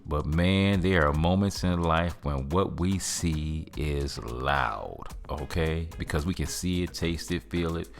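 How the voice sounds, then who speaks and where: A man hosting a podcast, giving an earnest faith-based motivational talk in casual speech, slowing down to stress key phrases. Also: a bass voice, faint music behind. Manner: earnest, preachy, colloquial with "man" and "fam". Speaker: podcast host.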